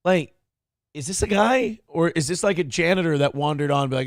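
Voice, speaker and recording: A man's voice: a little high, expressive, brisk, no room sound. A man hosting a talk show, reacting to clips with sarcastic, profane commentary and mocking asides. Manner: sarcastic, mocking, swears freely. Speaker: show host.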